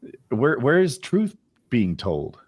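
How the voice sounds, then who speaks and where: A man co-hosting a podcast, talking casually in a halting, stammering way. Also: medium pitch, huge pitch swings, darkish tone, breathy edge, no room sound, clean studio sound. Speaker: podcast host. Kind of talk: casual chat.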